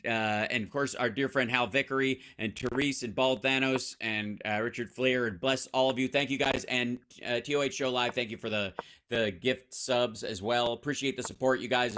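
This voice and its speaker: A man hosting a live stream, thanking viewers in a relaxed way with many fillers. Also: medium pitch, slight background noise. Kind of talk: casual live stream chat.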